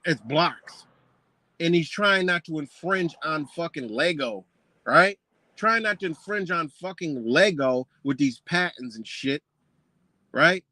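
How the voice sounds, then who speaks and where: A man's voice: fairly high pitch, a bit bright, no room sound. A man ranting in a scornful, profane commentary, mocking what he reads and firing off rhetorical questions. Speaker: commentator reacting to a book.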